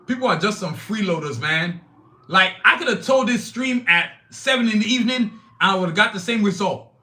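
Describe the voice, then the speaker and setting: A man's voice: high-pitched, animated, brisk, sharp tone. A man hosting his own live-streamed podcast, talking emphatically and bluntly, with frequent profanity, straight to his chat. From Nigeria. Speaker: podcast host.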